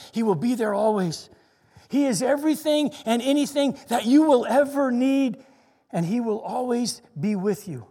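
A man with a high voice delivers a sermon in an earnest, plainspoken way. He slows his words down to lean on the lines he wants to land. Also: warm tone, long reverb tail. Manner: earnest, slows down to stress scripture. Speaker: preacher.

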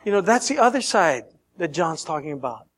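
A man preaching a sermon, animated and laughing often, leading the congregation in call-and-response. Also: a little high, a little fast, breathy edge.

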